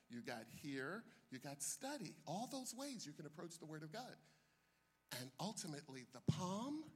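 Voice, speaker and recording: An older man, a pastor, preaching a sermon with animated delivery that swings from soft asides to loud bursts. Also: mid-range voice, breathy edge.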